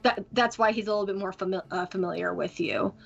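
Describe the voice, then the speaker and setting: A woman's voice: mid-range voice, fast, vocal fry, faint music behind. A woman narrating as game master of a tabletop game, hesitant with many fillers. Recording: muffled lo-fi audio.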